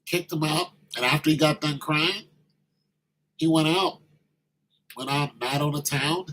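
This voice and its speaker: A man telling a story in a casual monologue, animated and slangy, acting out the quoted voices. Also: a little high, unhurried, slight background noise, low-quality recording.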